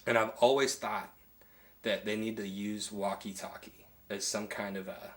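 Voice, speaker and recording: A man's voice: lowish voice, flat delivery, moderate pace, fairly bright tone. A young man telling rambling stories in a casual chat over drinks, recorded in a home attic studio. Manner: rambling storyteller, lots of "like". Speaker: guest.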